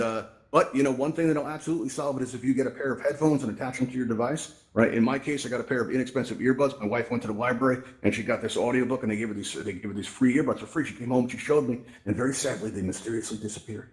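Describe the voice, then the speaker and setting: A man talks quickly and casually, walking listeners through practical tips as if chatting with friends. He is folksy and direct, tossing in "right?" and "you know" as he goes, and sounds like he is speaking into a headset microphone. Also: medium pitch. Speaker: presenter in a VR tech event. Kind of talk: casual instructional talk to a live audience. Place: virtual reality social space.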